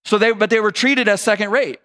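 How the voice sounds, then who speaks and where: A man's voice: sits high, steady tone, brisk, pushed and bright, long reverb tail. A man preaching a sermon as a pastor, in a casual, conversational and slangy way.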